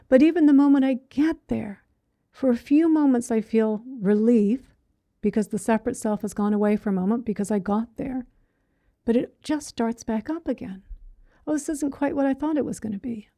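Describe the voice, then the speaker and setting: A woman's voice: a little high, normal speed, mellow, no echo, studio quality. A middle-aged woman teaching meditation in a conversational way, often acting out inner thoughts in quotes and checking in with "right?". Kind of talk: dharma talk.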